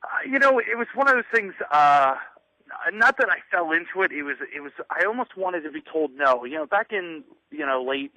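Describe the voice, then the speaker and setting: A wrestler in his thirties from the Northeastern US guests on a casual phone interview, rambling through stories full of fillers and acted-out quotes. His fairly high voice is animated, bright, and forceful at a moderate pace. The audio is muffled, dry, lo-fi radio sound with no room sound.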